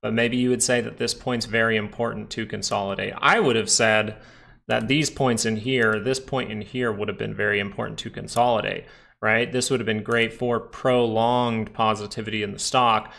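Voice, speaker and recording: Gravelly and a bit bright, his voice sits on the low side with fairly even intonation and a moderate pace. He's a livestream host covering the stock market, casually explaining charts while responding to viewer chat and dropping in "right?" often.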